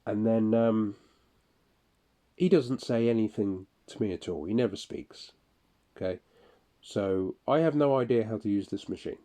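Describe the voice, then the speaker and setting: Slow, low-voiced man. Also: dark tone. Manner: halting, broken phrases with frequent restarts. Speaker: audio diarist. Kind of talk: personal monologue recalling incidents.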